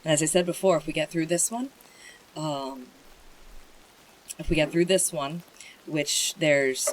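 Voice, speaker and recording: A streamer reading a bedtime story aloud and chatting with viewers, in a gentle, emotional way. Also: medium pitch, measured pace, long pauses, a little hiss or hum, low-quality recording.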